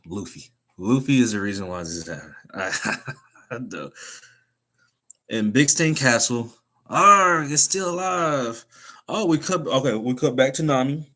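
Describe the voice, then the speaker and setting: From a room at home, a streamer who reviews anime chapters gives a casual recap of a comic chapter on stream. He speaks at a mid-range pitch, a little slowly, laughing often and acting out quotes with animation.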